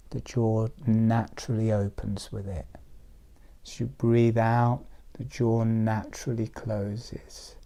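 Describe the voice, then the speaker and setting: A man leading a guided breathing meditation, giving calm step-by-step instructions. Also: mid-range voice. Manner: slow, soothing step-by-step instructions. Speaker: meditation teacher.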